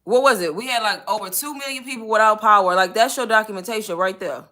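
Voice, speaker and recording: Lady chatting on a live stream, bright voice, animated storytelling. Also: mid-range voice, quick pace. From Texas. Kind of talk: casual chat.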